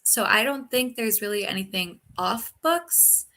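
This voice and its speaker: A woman's voice: mid-range voice, lively intonation, unhurried, bright, forceful tone. A young woman, a technical recruiter, chatting on a live video call interview with lots of ums and you-knows. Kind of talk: casual live-stream interview.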